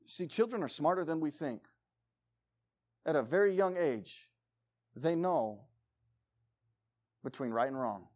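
A man preaching a sermon as pastor, emphatic, swinging between loud urging and quiet pleading. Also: on the high side, lively intonation, a little slow, pauses often.

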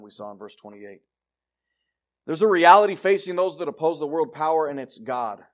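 A male preacher giving a sermon, reading scripture and moving from loud declarations to quiet asides. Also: on the high side, expressive, fairly quick. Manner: reads scripture aloud in King James wording.

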